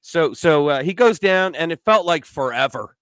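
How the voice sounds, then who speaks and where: A man's voice: a little high, expressive, normal speed, fairly bright tone, smooth, no room sound. A man in his sixties hosting a casual livestream, telling long rambling stories. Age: 60s. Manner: rambling storyteller who acts out the voices. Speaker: host.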